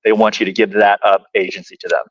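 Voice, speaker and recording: Low, reflective man on a muffled mic. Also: level tone, fairly bright tone, no room sound. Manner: reflective, halting, many fillers. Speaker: podcast co-host. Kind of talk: casual reflective discussion.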